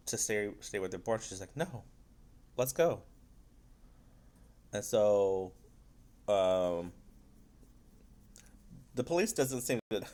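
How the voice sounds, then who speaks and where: A man's voice: fairly low pitch, a little mellow. A man giving a casual spoiler review of a film, loose and rambling, with frequent swearing.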